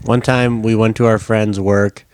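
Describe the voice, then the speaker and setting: A man's voice: on the low side, a little slow, smooth, dry recording, clean studio sound. A young man co-hosting a podcast, telling crude stories in casual chat. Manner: animated crude storytelling. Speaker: podcast co-host.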